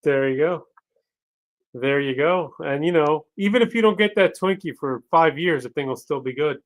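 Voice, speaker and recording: A man's voice: fairly high pitch, normal speed. A man co-hosting a casual livestream chat, full of joking, playful banter.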